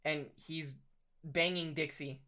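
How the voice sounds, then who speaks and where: A man's voice: on the high side, steady tone, slow pace, bright, forceful tone. A man hosting a podcast in casual, joking chat. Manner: chatty, joking. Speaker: podcast host.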